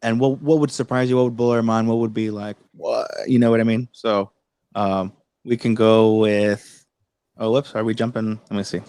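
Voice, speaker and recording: A man's voice: on the low side, flat delivery, normal speed, a little mellow, clear, resonant tone, no room sound. A man hosting a casual tech livestream, rambling with many fillers and restarts. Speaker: livestream host.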